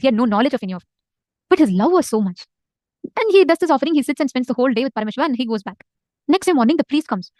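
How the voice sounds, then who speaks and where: A woman retelling a devotional legend in casual spoken style, animated and emphatic, repeating phrases for effect. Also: fairly high pitch, no echo. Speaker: storyteller in a spiritual session.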